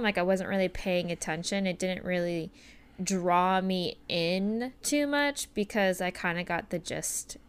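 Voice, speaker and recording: A woman's voice: lowish voice, clear, resonant tone. A woman co-hosting a casual podcast chat, talking in a rambling, hesitant way with many fillers. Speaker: podcast co-host reviewing an anime film.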